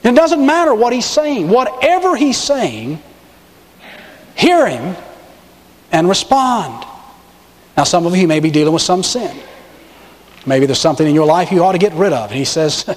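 High, lively preaching pastor in a hall. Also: male voice, normal speed, pauses often. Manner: emphatic preaching, rising on key words. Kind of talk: sermon. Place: church sanctuary with balcony and choir.

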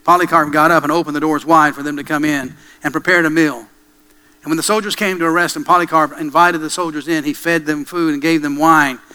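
Male preacher, sermon storyteller, bright crisp tone, dramatic pauses. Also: a little high, fairly even intonation, rough recording. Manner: dramatic, with hushed pauses and slow emphatic repetition.

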